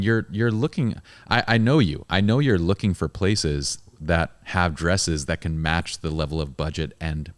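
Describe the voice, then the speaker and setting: Deep-voiced man hosting a podcast. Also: clear, resonant tone, dry recording. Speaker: podcast host. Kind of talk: podcast interview.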